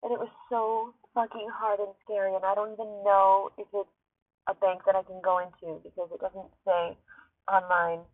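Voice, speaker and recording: A shaken, tearful woman pours out an urgent, emphatic monologue from inside her car, swearing often. The sound is thin and tinny like a phone line, and completely dry with no room echo. Her voice sits at a middling pitch. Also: level tone, moderate pace. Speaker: podcast host. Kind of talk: emotional monologue. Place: parked car.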